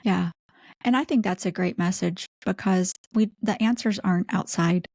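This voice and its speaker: A woman's voice: on the low side, moderate pace, creaky, a little mellow, no echo, clean studio sound. A woman from the United States hosting a podcast, upbeat and encouraging. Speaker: podcast host. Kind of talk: interview and scripted announcement.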